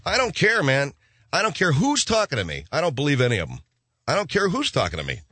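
A man's voice: on the high side, fast, husky, dry recording. A man hosting a radio talk show, delivering a rambling comic monologue. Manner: rambling, animated, slips into mock voices.

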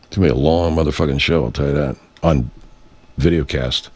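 A man's voice: a bass voice, fairly even intonation, brisk, breathy edge. A man hosting a radio show, talking in a meandering, self-interrupting way and swearing freely. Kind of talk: rambling casual monologue.

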